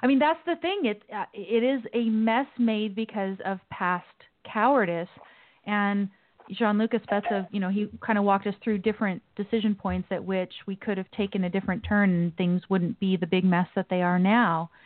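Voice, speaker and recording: Lady host talking politics, steady and opinionated, dry phoney sound. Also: medium pitch, dry recording, phone-quality sound. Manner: measured, opinionated commentary. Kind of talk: talk show hosting.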